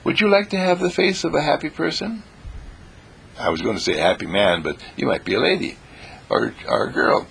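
A man giving an exuberant inspirational monologue, with a husky, gravelly voice, swooping between high exclamations and low murmurs and repeating his phrases. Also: animated, a little fast, a bit bright, slight background noise.

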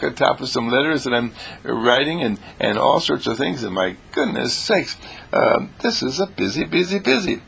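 A man giving an exuberant inspirational monologue, with a husky, gravelly voice, swooping between high exclamations and low murmurs and repeating his phrases. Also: a bit bright.

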